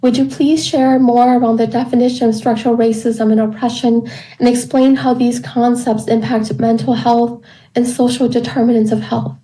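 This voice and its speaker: A woman reading a passage aloud and then moderating a panel in a measured, formal way. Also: fairly high pitch, flat delivery, dark tone, recorded from a distance, low-quality recording.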